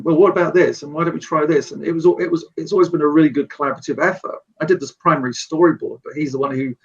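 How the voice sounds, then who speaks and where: A man chats as a podcast guest, enthusiastic and rambling, often restarting his sentences. His husky, slightly high voice sits a little away from the mic. The recording is dull and lo-fi. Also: fairly bright tone. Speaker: guest, storyboard artist. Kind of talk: casual podcast chat. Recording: distant, dull lo-fi remote mic.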